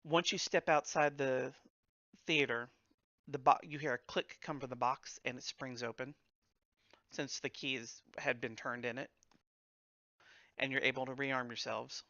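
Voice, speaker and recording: Slow-talking man running a tabletop game. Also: medium pitch, steady tone, bright, forceful tone, no room sound, highs cut off. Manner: unhurried, with frequent fillers and restarts. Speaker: game master.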